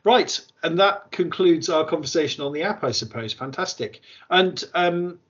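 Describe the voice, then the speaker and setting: A man's voice: on the high side, lively intonation, normal speed, a bit bright, muffled recording. A man hosting a podcast, steering the chat with dry, teasing questions. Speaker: podcast host. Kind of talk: casual chat.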